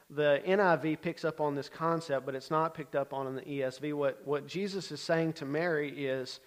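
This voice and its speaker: A man giving a casual, conversational sermon, often checking in with his listeners and swinging between loud bursts and quiet asides. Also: a little high. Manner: conversational, checks in with frequent "okay?". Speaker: Bible teacher.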